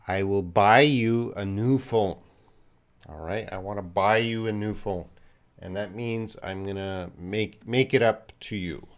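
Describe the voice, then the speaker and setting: Canadian male English teacher, slightly low voice, patient live-stream explainer with lots of fillers. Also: unhurried. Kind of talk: live-stream English lesson, answering questions.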